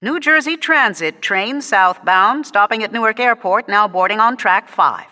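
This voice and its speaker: A station announcer calls out a departing train, slow, raised and formal, as a woman reads it. The delivery is deliberate. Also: medium pitch, bright, forceful tone, long reverb tail, voice pushed up, natural voice. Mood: announcing.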